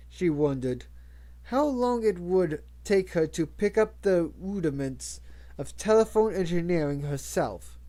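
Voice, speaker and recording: Slow, mellow audiobook narrator. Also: mid-range voice. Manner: measured, with occasional stumbles and restarts. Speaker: audiobook reader.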